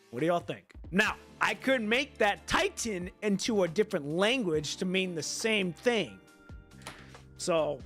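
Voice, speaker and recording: Guy chatting to his viewers, kinda high voice, loose and rambly, swears now and then. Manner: rambling, thinks out loud, swears casually. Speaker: streamer. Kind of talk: casual chat to viewers.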